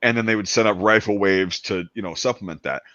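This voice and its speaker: A man in casual chat, telling a story with lots of energy and quick asides, acting out the people in it and swearing freely. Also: fairly low pitch, no room sound. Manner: excited storyteller, acts out quoted soldiers, swears. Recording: dull lo-fi dry sound.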